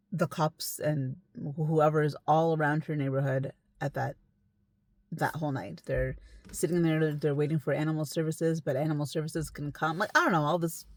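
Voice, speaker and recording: Low-voiced woman telling a story. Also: dry recording. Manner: conversational, emphatic, sometimes hushed. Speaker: esthetician telling a client's story. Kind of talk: casual storytime.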